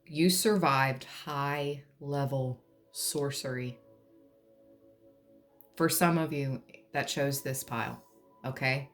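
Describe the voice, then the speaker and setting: A woman with a low voice gives an unhurried, joking tarot reading. She keeps things light and sometimes breaks into song. Soft music plays faintly behind her. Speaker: tarot reader. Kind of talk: pick-a-card tarot reading.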